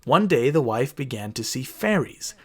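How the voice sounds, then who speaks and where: A man's voice: mid-range voice, sing-song, moderate pace, a bit bright, breathy edge. A man co-hosting a comedy podcast, reading out a story from notes and then riffing casually, with swearing and laughter. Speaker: podcast co-host. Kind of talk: casual chat and reading stories.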